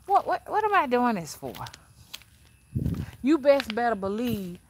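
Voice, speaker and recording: An older woman speaks frankly and casually to her livestream viewers as a spiritual advisor, sounding preachy and full of fillers and restarts. Her voice sits fairly high with big swings in pitch, and she takes her time. A little hiss or hum runs under the recording.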